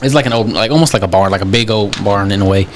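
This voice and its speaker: A young man from Texas, co-hosting a podcast, telling stories in a slow, relaxed way with many fillers. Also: lowish voice, a little hiss or hum. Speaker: podcast co-host. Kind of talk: casual storytelling chat.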